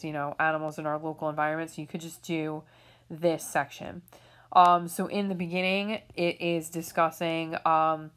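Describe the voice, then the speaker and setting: A female English teacher records a remote lesson, patiently guiding students through reading questions and frequently asking "okay?" as she explains. Her voice is lowish and a little bright, with a clear, resonant tone.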